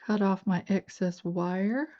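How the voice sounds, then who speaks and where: Here the audio is dull, and the speaker's medium-pitched voice is slow with a dark tone. She's an older Southern-accented woman from North Georgia who runs a beading channel, chatting folksily as she works through a jewelry-making tutorial.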